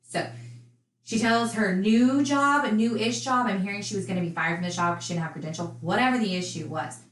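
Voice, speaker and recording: A woman's voice: mid-range voice, brisk, roomy sound, rough recording. A woman casually recounting a true crime case, chatty and indignant in her asides.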